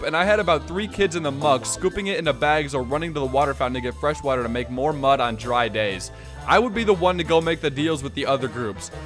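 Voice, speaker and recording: A man hosting a comedic video, reading posts aloud with sarcastic, animated commentary and frequent laughs. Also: fairly high pitch. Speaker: YouTube host.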